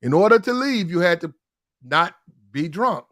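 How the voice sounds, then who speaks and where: A man's voice: high voice, sing-song, normal speed, a crowd in the background. A man telling a rambling story in casual slang on a podcast, often restarting his sentences.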